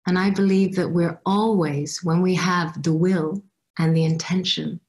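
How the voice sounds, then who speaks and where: A woman's voice: lowish voice, fairly even intonation, unhurried, a little mellow. A woman giving a personal storytelling talk as a guest speaker, reflective and acting out her past reactions. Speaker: guest speaker at a youth summit.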